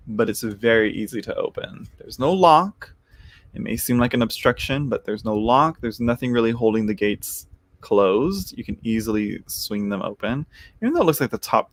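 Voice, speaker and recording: A man hosting a casual live tarot chat, rambling with many restarts and laughing easily as he talks to viewers. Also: fairly low pitch.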